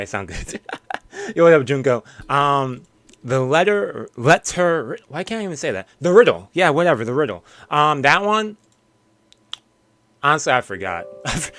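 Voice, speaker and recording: A man's voice: mid-range voice, a bit bright, no room sound. A man streaming live in casual chat, playful, laughing often and tripping over his own words.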